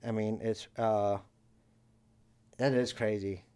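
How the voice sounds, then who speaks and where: A man's voice: on the low side, fairly even intonation, slow, a little mellow, clear, resonant tone. A young man co-hosting a podcast, telling rambling stories in casual chat and acting out the voices of the people he quotes. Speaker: podcast co-host.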